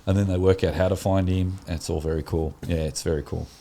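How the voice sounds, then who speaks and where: Deep-voiced, enthusiastic man. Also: steady tone, fast talker, creaky, mellow. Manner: enthusiastic, rambling storyteller. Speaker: podcast co-host. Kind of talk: casual chat.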